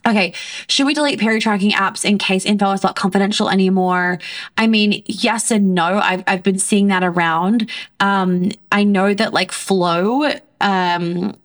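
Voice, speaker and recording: A woman's voice: medium pitch, a little slow. A woman hosting a casual solo podcast, talking bluntly in a rambling way with heavy swearing. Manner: frequent fillers and restarts. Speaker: podcast host.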